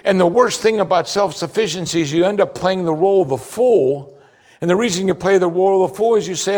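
A man preaching a sermon as pastor, animated, acting out the voices he quotes. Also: sits high, quick pace. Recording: hall reverb.

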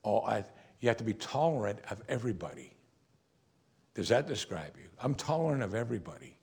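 A man preaching a sermon as pastor, asking the congregation rhetorical questions and swinging between emphatic rises and quiet, drawn-out drops. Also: lowish voice, big pitch swings, slightly rough.

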